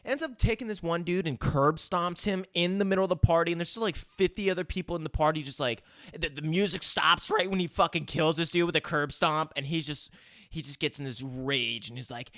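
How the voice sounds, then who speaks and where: A man's voice: on the high side, a little fast, a bit bright, no echo, clean studio sound. Profane young man in casual chat. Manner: profane, rambling, filler-heavy. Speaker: podcast co-host.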